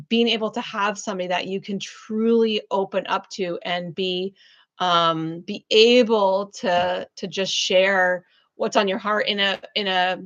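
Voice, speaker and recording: A woman hosting a live-stream reading alone in her room, chatting warmly and effusively with viewers, full of fillers. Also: mid-range voice, lo-fi sound. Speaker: spiritual business coach hosting a live reading.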